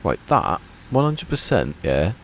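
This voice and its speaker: Chatty streamer with a deep voice. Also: male voice, big pitch swings, unhurried. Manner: chatty, muttering to himself, laughs often. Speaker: gameplay streamer. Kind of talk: casual live gameplay commentary. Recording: loud game noise behind.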